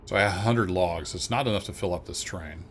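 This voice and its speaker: Low-voiced male game streamer with an easygoing, chatty manner who talks viewers through his play. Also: a little fast, fairly bright tone, slight background noise. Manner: easygoing, self-deprecating, thinks aloud to viewers. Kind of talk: casual live gameplay commentary.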